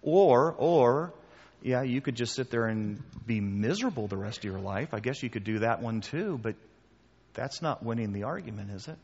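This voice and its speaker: A man preaching a sermon and taking questions, animated and emphatic, acting out the voices he quotes. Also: mid-range voice, moderate pace, husky. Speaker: pastor. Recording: dull sound with long hall reverb.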